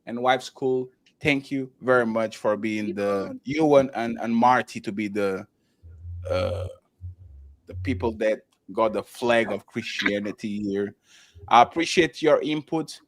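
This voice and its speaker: A man hosts a live-streamed talk show, chatting loosely, stumbling over restarts, and thanking viewers by name. His voice is on the low side and his pace unhurried.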